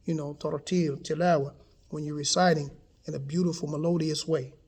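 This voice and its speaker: Husky-voiced man teaching casually. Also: a little high, fairly even intonation, fairly quick, a little mellow. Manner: explains patiently, often checks in with listeners. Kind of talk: casual lesson.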